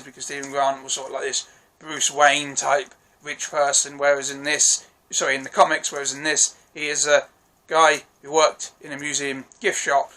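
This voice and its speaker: A man's voice: fairly high pitch, pushed and bright. A young man casually reviewing a TV episode on his own, enthusiastic and rambling, often correcting himself and apologising, with the odd swear. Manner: self-correcting, apologetic asides. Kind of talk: casual solo review vlog.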